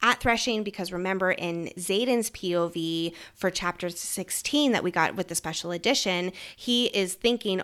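A woman's voice: on the low side, moderate pace, hardly any pauses, a bit bright. Enthusiastic young woman. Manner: earnest, enthusiastic, uses many fillers. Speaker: podcast co-host. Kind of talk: casual book discussion.

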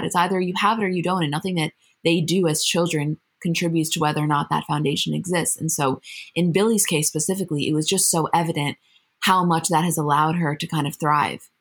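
A woman co-hosting a podcast in casual chat, telling things in a thoughtful, measured way. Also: deep voice, breathy edge. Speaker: podcast co-host.

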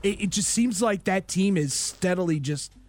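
A man's voice: high voice, normal speed, darkish tone. A man on a sports podcast panel who talks animatedly, stumbles over restarts, and puts on mock sarcasm. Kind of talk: casual sports chat.

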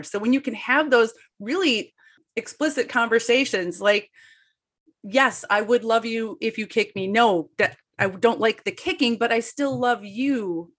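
A woman's voice: medium pitch, a bit bright. A woman co-hosting an interview, reflecting on the guest's points in a casual, emphatic way. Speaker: co-host.

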